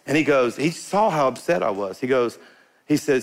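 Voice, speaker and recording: A middle-aged man preaching a sermon to his congregation, emphatic and animated, calling out to the crowd and rising into bursts of fervor. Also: mid-range voice, normal speed. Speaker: pastor. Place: church sanctuary before a congregation.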